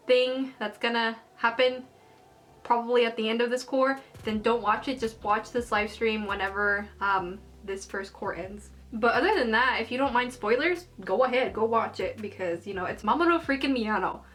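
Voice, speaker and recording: A young woman in a casual vlog, rambling excitedly about an anime episode while she does her makeup, gushing like a fan. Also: on the high side, normal speed. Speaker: anime review vlogger.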